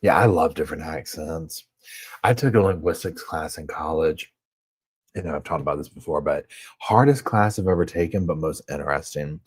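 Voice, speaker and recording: Southern guy on a live stream, deep husky voice, chatty, reads out viewer comments. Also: moderate pace. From American South. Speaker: live chat host. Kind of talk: casual live chat. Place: home, on a sofa.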